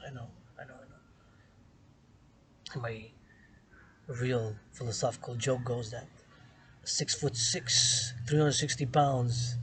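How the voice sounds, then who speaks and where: A man's voice: medium pitch, background noise. Emphatic man rambling outdoors. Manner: repetitive and emphatic, swinging between loud stresses and hushed whispers. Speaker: vlogger philosophizing to camera. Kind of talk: rambling monologue. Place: outdoors in the sun on an island.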